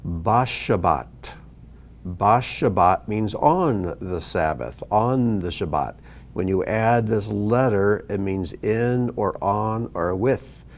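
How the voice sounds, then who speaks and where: A man teaching a video lesson, explaining slowly and patiently. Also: lowish voice. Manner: slow, patient explaining with lively ups and downs. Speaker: Hebrew teacher.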